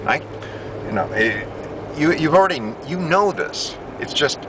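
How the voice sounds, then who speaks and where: An American man, an English teacher, earnestly pitching his ideas in a rambling monologue while sitting in a car, often correcting himself mid-sentence. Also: lively intonation, measured pace. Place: inside a car on a city street. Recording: distant mic with loud road noise.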